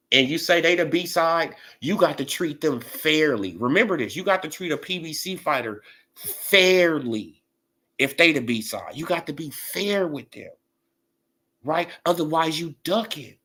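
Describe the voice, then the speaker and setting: A man's voice: fairly high pitch, unhurried. A man ranting casually about boxing on a livestream, full of laughs and repeated fillers. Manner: laughing, animated, repetitive fillers. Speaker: boxing commentator.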